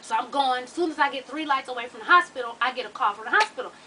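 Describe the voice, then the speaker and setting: A woman vlogger telling a personal story to her viewers in an animated, profane, slang-heavy way. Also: high-pitched, racing, recorded from a distance, poor audio.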